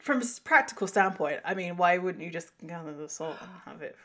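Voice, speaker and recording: A woman's voice: on the low side, lively intonation, fairly quick, pushed and bright. Chatty, laughing woman podcast host. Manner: chatty, laughs often, quotes lines in funny voices. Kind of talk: casual recap chat.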